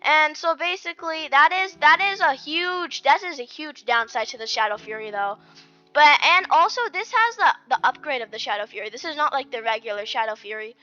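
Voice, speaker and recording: A woman's voice: high-pitched, expressive, a little fast, bright, forceful tone. A woman giving casual gameplay commentary, rambling along with lots of fillers and restarts. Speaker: gaming video creator. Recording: dull lo-fi mic with faint music.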